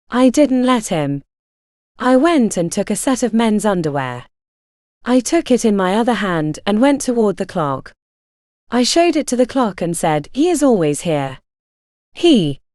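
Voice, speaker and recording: A woman's voice: a little high, big pitch swings, a little slow, darkish tone, dry recording, clean studio sound. A woman narrating a first-person story in an intimate, confessional way.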